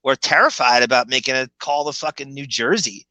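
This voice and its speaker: A man's voice: mid-range voice, sharp tone, dry recording, rough recording. Man, Long Island accent, podcast co-host, rambling and chuckling, dry close sound. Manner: rambling, chuckling, slips into quick impressions. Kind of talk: casual commentary chat.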